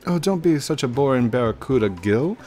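High voice, snooty, haughty cat diva, a man doing the voice. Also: expressive, brisk, a little mellow, soft background music, lightly acted.

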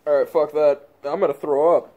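A man's voice: fairly high pitch, steady tone, moderate pace, narrow, tinny audio. A man vlogging casually, swearing constantly with blunt running commentary. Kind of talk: casual self-filmed vlog.

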